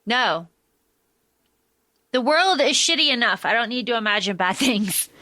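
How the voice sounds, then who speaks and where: Woman podcast cohost, high bright voice, swears a lot while recapping. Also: lively intonation, unhurried, no room sound, clean studio sound. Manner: blunt, swears a lot, punchy delivery. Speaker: podcast co-host. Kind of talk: casual book recap chat.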